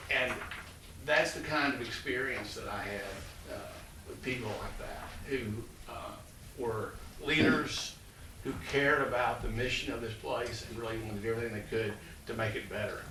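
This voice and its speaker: Recorded from a distant mic in an echoey room with faint noise, a man in his sixties who is a college president tells rambling, filler-heavy stories to an audience. His voice is mid-range and his pace moderate.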